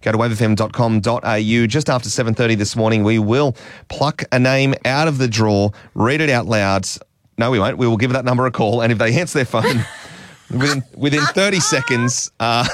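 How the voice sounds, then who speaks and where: An Australian man hosting a morning radio show, talking casually and laughing at himself. His voice sits at an ordinary middle pitch. The studio sound is dry and close. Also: brisk, no echo. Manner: chatty, self-mocking, laughs often. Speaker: radio breakfast host.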